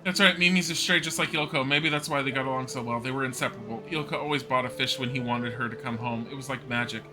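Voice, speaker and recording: A man's voice: medium pitch, steady tone, quick pace, music in the background, natural voice. Man reading as a shaken townswoman witness. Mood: distressed. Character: upset middle-aged townswoman witness. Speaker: streamer.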